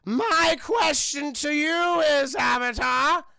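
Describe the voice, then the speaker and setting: A loud, gleeful old king with a bright, gravelly edge, as a man puts him on. He stretches his words out slowly and teases at full volume. The sound is dry and close. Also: very high-pitched, no echo, voice pushed up, heavily acted. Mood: booming glee.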